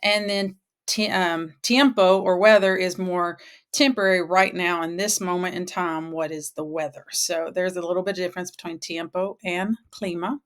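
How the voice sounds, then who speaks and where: A woman teaching vocabulary in a cheerful, encouraging way, slowly repeating each word and praising the learner. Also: fairly low pitch, steady tone. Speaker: Spanish teacher. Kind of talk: slow, encouraging vocabulary drill.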